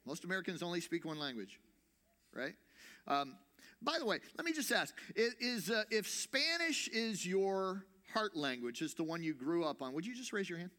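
Bright-voiced preacher addressing a congregation. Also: male voice, high voice, moderate pace. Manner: lively, addresses the congregation directly with questions. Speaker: pastor. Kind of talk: sermon. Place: church.

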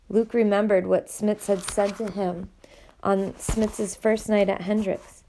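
A woman reading a novel aloud in an expressive, animated way. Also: medium pitch, takes it slowly. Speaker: audiobook reader.

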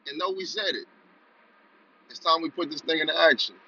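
A man's voice: fairly high pitch, brisk, pushed and bright, breathy edge, dry recording, highs cut off. A man hosting a podcast, giving an urgent motivational talk and leading the listener in repeat-after-me chants. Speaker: podcast host.

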